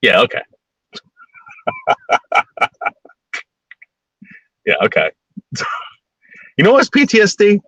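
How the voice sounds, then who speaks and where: A man holds forth in a heated, profane rant, blunt and unfiltered. His voice is bright and edgy, and his pitch swings widely. The sound is close and dry, with no room around it. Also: wildly swooping pitch, extremely slow, long pauses, no room sound, poor audio. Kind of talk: ranting opinion monologue.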